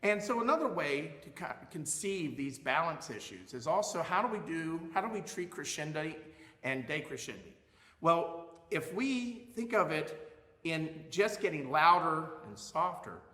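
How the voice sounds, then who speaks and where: A man teaching a music lesson, explaining expressively and showing loudness with his own voice. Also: fairly high pitch, animated, normal speed, echoey room, in a large hall.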